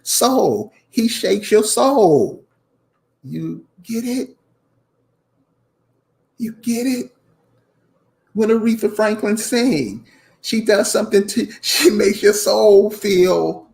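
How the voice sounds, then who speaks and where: Sitting high with lively intonation, his slow, slightly mellow delivery carries vocal fry and frequent pauses. This man, a channel host, gives a casual, preachy rant, repeating lines emphatically and speaking directly to viewers as "y'all."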